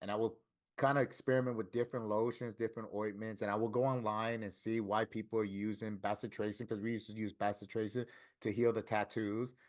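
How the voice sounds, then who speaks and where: A man's voice: fairly low pitch, fairly quick. A middle-aged man from Florida, a tattoo artist telling stories in a casual interview and acting out the dialogue he quotes. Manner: lively storyteller who acts out quoted dialogue.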